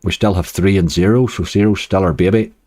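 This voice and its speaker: A Northern Irish man streams casino games live, chatting away to his viewers and grumbling at the near misses. His voice sits low and mellow, with a dry, close sound. Faint game music plays behind him. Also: fairly even intonation, fairly quick, dry recording. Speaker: slots streamer.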